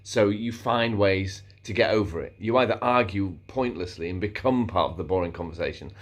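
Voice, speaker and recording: A man's voice: sits low, fairly quick. A man talking casually to camera in a rambling vlog monologue, often stopping and restarting his sentences. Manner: meandering, self-interrupting, playfully animated, slips into silly voices. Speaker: vlogger.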